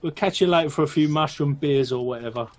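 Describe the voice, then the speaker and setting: A man with a British accent playing a brash male city bloke in a tabletop game, bantering loudly and taking offence easily. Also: fairly high pitch, close to an everyday voice. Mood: jokey. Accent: British English. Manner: boisterous, bantering, quick to take offence.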